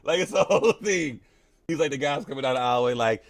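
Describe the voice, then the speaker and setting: A man's voice: mid-range voice, lively intonation, fast, dry recording, studio quality. A man hosting a live crypto stream in a casual, playful, slangy way, laughing often.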